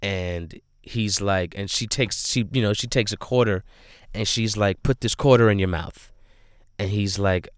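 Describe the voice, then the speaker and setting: Speaking at a measured pace, a man with a clean, lowish voice reviews a movie, going through it scene by scene. The recording is studio quality with no room sound. His talk is loose and rambling, heavy on "like" and "you know," and he's earnest and emphatic about how the film affected him.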